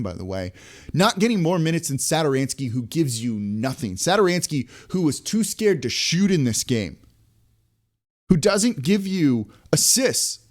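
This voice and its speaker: A man hosting a sports podcast, ranting in exasperation with many restarts and rhetorical questions. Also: a little high. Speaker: podcast host. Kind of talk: frustrated sports podcast rant.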